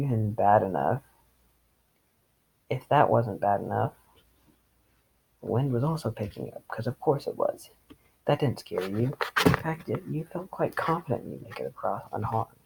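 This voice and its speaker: Gravelly man reading with sarcastic asides. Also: mid-range voice, darkish tone, poor audio. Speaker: reader. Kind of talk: reading fan fiction with commentary.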